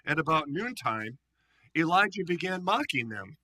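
A man pastor reading a Bible story aloud in a sermon, animated, with playful asides to the listeners. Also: fairly high pitch, normal speed, low-quality recording.

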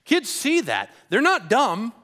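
A man's voice: very high voice, wildly swooping pitch, slow pace, pushed and bright. A middle-aged male pastor preaching a sermon, telling personal stories and acting out the dialogue. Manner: storytelling, acts out dialogue.

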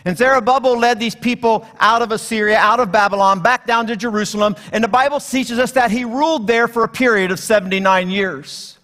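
A man's voice: very high voice, fairly even intonation, a little fast, few pauses, sharp tone, big-room sound. A man preaching a sermon at a church, telling stories and jokes and acting out characters as he goes. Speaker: guest preacher.

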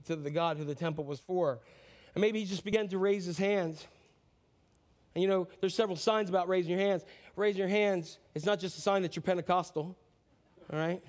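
A man with a fairly high voice preaches a sermon in a relaxed, conversational way. He acts out the quotes he reads and swings between quiet, heavy lines and sudden cheering bursts. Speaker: pastor.

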